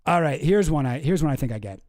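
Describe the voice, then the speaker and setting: A man's voice: on the high side, expressive, quick pace, a little mellow, no echo, clean studio sound. A man hosting a casual comedy commentary, reading cartoon captions aloud in a wry, rambling way and slipping into silly voices. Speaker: host.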